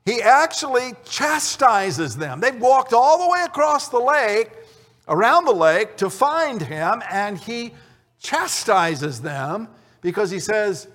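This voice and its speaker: A man's voice: sits high, very animated, slow pace, a bit bright. A man giving a conversational Bible teaching, telling the story and acting out the dialogue. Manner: storytelling, acts out the dialogue in the scene. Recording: long reverb of a large hall.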